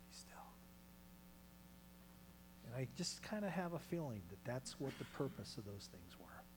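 Pastor preaching with hushed, dramatic swings. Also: male voice, medium pitch, noisy background. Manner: dramatic swings from loud calls to hushed near-whispers. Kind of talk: sermon. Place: small church.

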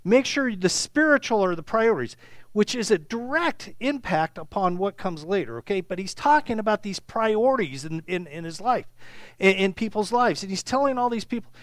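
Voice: medium pitch, lively intonation, moderate pace, no echo. A Bible teacher giving an informal, conversational lesson to a small group, often checking in with "okay?" and acting out the scripture dialogue.

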